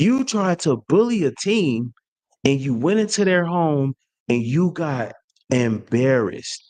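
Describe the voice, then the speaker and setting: A man hosting his own sports channel, trash-talking a rival team in an animated rant full of slang and restarts. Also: medium pitch. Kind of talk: fan rant to camera.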